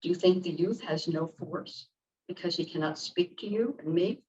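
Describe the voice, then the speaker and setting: A woman reading a text aloud to a group, careful and deliberate, now and then stumbling over a word. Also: on the low side, warm tone. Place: church meeting room. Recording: distant, dull room recording with faint noise.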